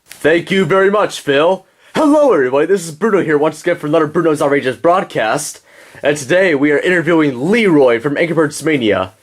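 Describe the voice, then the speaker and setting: A man in a homemade puppet show, interviewing puppet guests in an excitable, rambling way. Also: on the high side, brisk.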